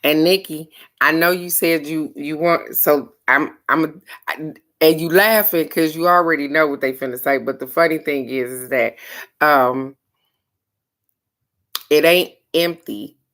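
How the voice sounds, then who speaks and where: Low, slow-talking woman reading cards. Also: a bit bright. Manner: frank, earnest, occasionally profane. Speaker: oracle card reader. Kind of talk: casual card-of-the-day reading.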